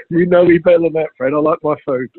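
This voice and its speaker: A man's voice: fairly high pitch, husky, dry recording. Jokey man on a tinny line. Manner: joking, stammers over repeated words. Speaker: podcast host. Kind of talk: jokey casual chat. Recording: tinny phone line with faint hiss.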